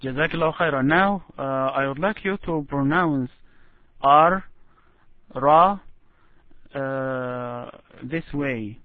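A man's voice: mid-range voice, no echo. Patient male recitation teacher over a tinny call. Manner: patient, slow, demonstrates words drawn out. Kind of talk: one-on-one recitation lesson. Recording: tinny phone-like line.

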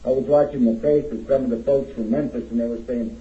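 A man's voice: mid-range voice, steady tone, fast talker. A man from Texas with a Texan accent, giving a playful, humorous keynote speech to a large audience in a hall. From Texas, USA. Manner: jokey, playful, teasing the audience. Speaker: keynote speaker, chaplain. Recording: echoey hall, dull sound.

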